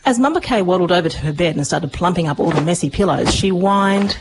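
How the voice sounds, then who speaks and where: A woman narrating a children's story with lively expression. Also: on the low side, fast, slight background noise, low-quality recording. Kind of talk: storybook reading.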